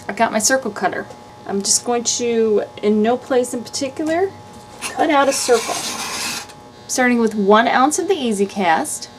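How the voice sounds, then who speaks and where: Chatty woman crafter, bright upper voice. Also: sits high, slight background noise. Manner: casual step-by-step explaining. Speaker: craft channel host. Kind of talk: voice-over craft tutorial.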